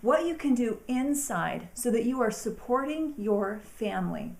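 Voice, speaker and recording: A woman hosting an inspirational talk, speaking in an earnest, encouraging way with slow, emphatic phrasing. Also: on the high side, big pitch swings, gravelly, a little mellow, roomy sound. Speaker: host.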